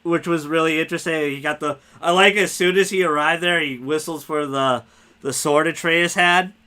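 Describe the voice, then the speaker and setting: A man hosting a casual spoiler podcast, talking excitedly and rambling, cursing freely. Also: on the high side, normal speed, smooth. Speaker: podcast host.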